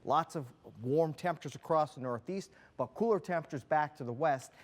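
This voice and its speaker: A man presenting the weather on a local TV newscast, talking viewers through maps in a brisk, conversational way. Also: on the high side. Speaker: TV weather forecaster. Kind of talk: broadcast weather forecast. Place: TV news studio.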